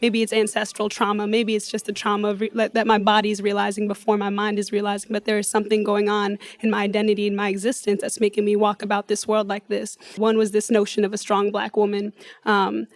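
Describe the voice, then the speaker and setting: A woman's voice: mid-range voice, completely flat delivery, fast talker, no echo. A woman from Africa, a poet and youth worker, sharing personal testimony at a community gathering in an earnest, reflective way.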